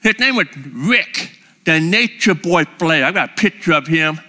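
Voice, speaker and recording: High, bright-voiced man telling stories. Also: moderate pace. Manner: lively, enthusiastic, holds up props. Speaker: speaker addressing a live audience. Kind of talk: animated personal storytelling.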